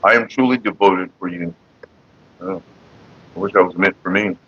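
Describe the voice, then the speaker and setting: A man's voice: deep voice, moderate pace, breathy edge, highs cut off. A young man rambling casually to camera, joking and laughing often. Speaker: vlogger.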